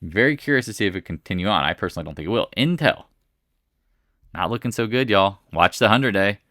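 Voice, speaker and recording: A man's voice: on the low side, expressive, quick pace, a bit bright, no room sound, clean studio sound. A man giving casual, blunt market commentary over stock charts, often saying "again" and "right?" and breaking into exclamations.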